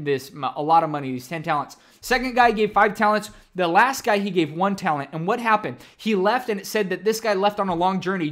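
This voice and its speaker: A man preaching a sermon in a fairly high voice. He teaches earnestly, circling back to his points and speaking straight to his listeners as "you guys". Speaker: pastor.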